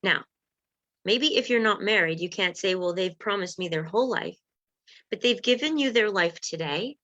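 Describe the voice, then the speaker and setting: A woman relationship coach talks to her live-stream viewers in a lively, chatty way, at a middle pitch. Her voice comes through a dull, lo-fi recording. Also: normal speed. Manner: lively, conversational, acts out example dialogues.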